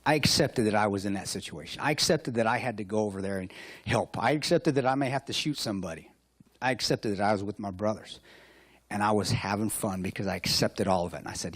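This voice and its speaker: A man's voice: lowish voice, quick pace, breathy edge, no room sound. A man giving a motivational keynote at a hotel luncheon, telling war stories in a joking, self-mocking way with punchy repeated phrases. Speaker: keynote speaker.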